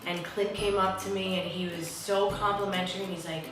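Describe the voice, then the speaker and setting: A woman from New Jersey, an actress telling a story to an interviewer in a lively manner, acting out the voices of the people she quotes. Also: brisk, hardly any pauses. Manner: lively, acts out quotes with big pitch swings. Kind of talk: animated storytelling in a conversation. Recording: echoey room heard from a distance, faint music.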